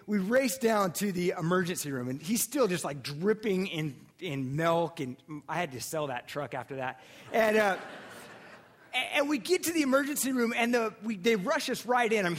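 A man preaching a sermon as pastor, telling stories casually with restarts and animated asides. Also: high-pitched. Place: church sanctuary.

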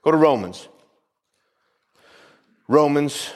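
Lively, emphatic male preacher. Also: on the high side, slow pace. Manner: emphatic, repeats phrases, calls for "Amen?" responses. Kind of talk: sermon.

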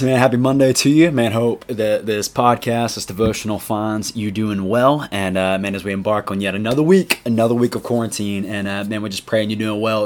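A young man, a high school youth pastor giving a casual, chatty podcast devotional, saying "man" often. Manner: laid-back, chatty, says "man" a lot.

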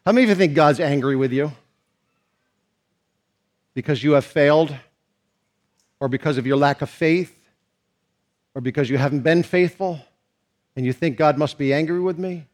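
A man preaching a sermon to a congregation, swinging from near-shouted passages to quiet, hushed ones. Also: a little high, unhurried, long pauses. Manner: dynamic preaching, rising to shouts and dropping to hushed tones. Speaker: pastor.

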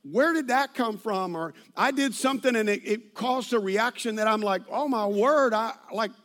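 A man's voice: sits high, normal speed, fairly bright tone. A middle-aged man, a pastor preaching a sermon full of personal stories, telling them animatedly with many restarts and asides.

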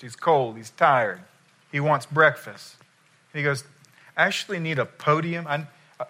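Male preacher, bright forward voice, acts out scenes as he tells them. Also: a little high. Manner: animated storytelling, acting out quoted voices. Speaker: pastor. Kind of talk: sermon.

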